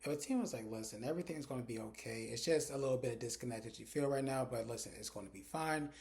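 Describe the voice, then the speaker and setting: A chatty man retelling a TV episode scene by scene, slipping into the characters' lines as he goes. His voice sits at a middle pitch with a mellow, warm tone. He talks directly to his viewers in a relaxed, casual way. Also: fast. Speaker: TV recap reviewer.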